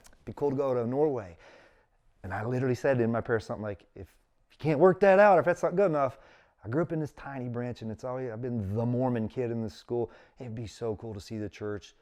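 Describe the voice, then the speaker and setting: A man's voice: mid-range voice, darkish tone. A middle-aged man, telling his story in casual conversation as an interview guest and acting out quotes with big jumps in his voice.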